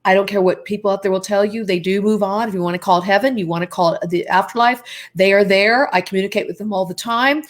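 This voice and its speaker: A woman's voice: medium pitch, fast, hardly any pauses. Chatty woman medium on a video call. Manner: chatty, digressive, speaks straight to viewers. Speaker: psychic medium guest. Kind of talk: casual live interview.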